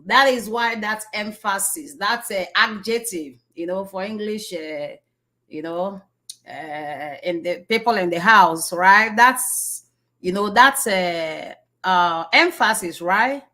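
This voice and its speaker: A woman's voice: medium pitch, slow, sharp tone. A woman giving an inspirational talk, repeating phrases for emphasis and asking rhetorical questions. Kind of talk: slow, preachy motivational talk.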